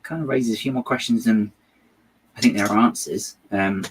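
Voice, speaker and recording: A man hosts a casual build-and-chat, talking his opinions through in a wry, meandering way full of restarts. His voice sits slightly low. A faint background hum runs under him. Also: normal speed, low-quality recording. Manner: rambling, hesitant, wry and opinionated. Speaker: host of a building channel.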